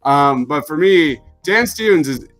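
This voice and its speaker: A man co-hosting a casual chat, animated and enthusiastic, riffing freely. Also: fairly high pitch, a little slow, faint music behind. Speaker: co-host.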